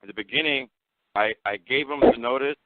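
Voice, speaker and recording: A man's voice: mid-range voice, a little fast, dry recording. Frustrated man calling in by phone. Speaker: caller. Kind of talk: call-in radio talk. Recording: dry tinny phone line.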